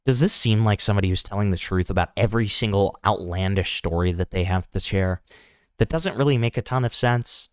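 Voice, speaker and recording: A man's voice: lowish voice, a little fast, clear, resonant tone, no room sound, clean studio sound. A young man hosting online commentary, sarcastic and pointed, asking rhetorical questions. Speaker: commentary channel host.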